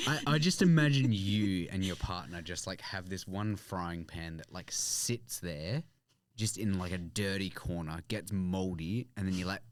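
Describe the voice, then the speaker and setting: A man's voice: low voice, moderate pace, few pauses. A man hosting a podcast in casual chat, joking, swearing and laughing often. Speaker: podcast host.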